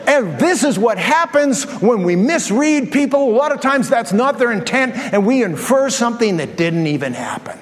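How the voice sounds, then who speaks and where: A man preaching a sermon as pastor, telling a story with lively, acted-out asides to his congregation. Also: extremely high pitch, normal speed, hardly any pauses, a faint crowd. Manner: animated storytelling, acts out his own thoughts. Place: large church hall. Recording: long hall reverb.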